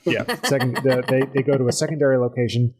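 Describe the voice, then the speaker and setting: Brief: a mid-voiced male game master recapping a session, halting and filler-heavy. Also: medium pitch, fairly even intonation, a little mellow. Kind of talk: podcast recap of a tabletop game.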